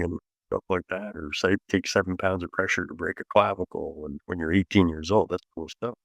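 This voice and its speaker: Deep-voiced middle-aged man telling blunt stories. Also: a little fast, vocal fry, no room sound. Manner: animated storyteller, blunt and joking. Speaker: martial arts instructor, guest. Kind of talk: casual interview chat.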